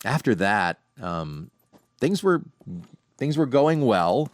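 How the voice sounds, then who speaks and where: A middle-aged man hosting a podcast, casually telling animated anecdotes from home with frequent restarts. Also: mid-range voice, slow pace, no echo. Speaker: podcast host. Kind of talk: casual storytelling monologue. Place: home, sitting on a couch.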